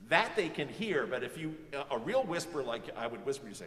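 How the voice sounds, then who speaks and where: This medium-pitched man talks a little fast with few pauses while running a music master class. He coaches a student in an animated way, singing phrases to illustrate. His voice comes from far away in a reverberant hall.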